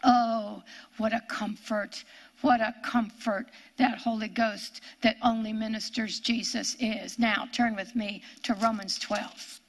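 An older woman giving a sermon, earnest and repetitive, sometimes dropping into hushed whispers for emphasis. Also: on the high side, flat delivery, takes it slowly. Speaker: Bible teacher.

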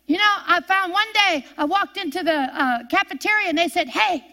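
A woman's voice: very high voice, expressive, normal speed, bright, forceful tone. An older woman preaching a fervent sermon, repeating her refrains and telling stories from her own life.

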